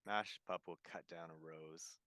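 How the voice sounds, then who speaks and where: A man playing in a tabletop game, speaking softly and matter-of-factly. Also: low-pitched, fairly even intonation, unhurried, no echo, clean studio sound. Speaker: player. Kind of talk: casual game talk.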